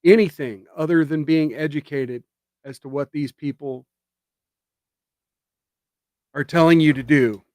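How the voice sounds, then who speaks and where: Guy on his stream ranting, kinda high voice, sarcastic and punchy, dry close sound. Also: a little slow, long pauses, a little mellow, no echo. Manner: sarcastic, emphatic, rising to indignant jabs. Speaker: streamer and commentator. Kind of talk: political commentary rant.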